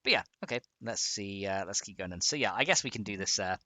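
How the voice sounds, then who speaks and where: Bright-voiced chatty male streamer. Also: lowish voice, lively intonation, fast, no room sound. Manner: rambling, chatty, laughs often, reads out chat. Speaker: game modding streamer. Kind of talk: casual live-stream chat.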